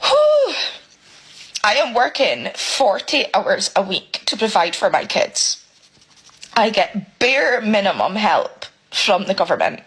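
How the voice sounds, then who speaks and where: A British woman ranting emotionally in a selfie vlog about money, swearing and halting as she speaks. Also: medium pitch, big pitch swings, a bit bright, slightly rough, rough recording. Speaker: single parent venting.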